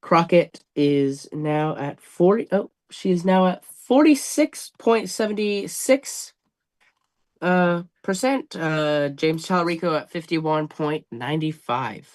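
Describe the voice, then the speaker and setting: A man co-hosting a live stream, reading election numbers in a halting way with many fillers. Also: fairly high pitch. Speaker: co-host reading results. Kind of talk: live results commentary.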